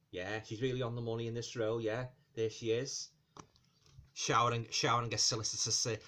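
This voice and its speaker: Man, casual film review vlog, rambling, lots of fillers, repeats himself, mid-pitched voice. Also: a bit bright. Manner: rambling, full of fillers, keeps calling the viewers guys; repeats himself and restarts phrases often.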